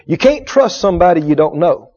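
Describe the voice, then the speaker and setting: Male preacher, high voice, emphatic, repetitive, playful quotes, dull lo-fi recording. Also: expressive, fairly quick, mellow. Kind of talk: sermon.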